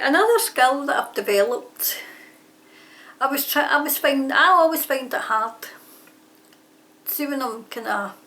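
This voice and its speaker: Her voice sits a little high and sounds a bit bright. She's an aspiring writer doing a tag, chatting loosely about her work, wandering off track and fixing her wording mid-sentence, while trains roll past her home by the railway line.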